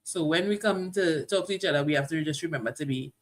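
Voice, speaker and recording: A woman co-hosting a live relationship talk show, talking straight to her viewers in animated casual chat. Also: low voice, fast talker. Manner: animated, addresses viewers directly.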